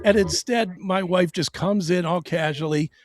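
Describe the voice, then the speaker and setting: A man's voice: sits high, moderate pace, dry recording. A middle-aged man on his own show, telling a hard personal story bluntly and profanely, with stammered restarts.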